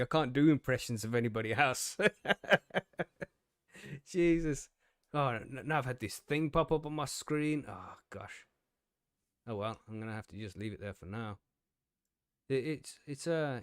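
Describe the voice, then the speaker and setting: A man's voice: mid-range voice, no echo, studio quality. Chatty man hosting a stream. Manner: rambling and self-deprecating, swears often, laughs easily. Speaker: podcast host. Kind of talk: casual live-stream chat.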